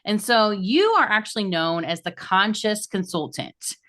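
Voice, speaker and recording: A woman with a mid-range voice hosts a podcast interview. She sounds enthusiastic and leans hard on key words with sharp rises in pitch. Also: unhurried. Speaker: podcast host.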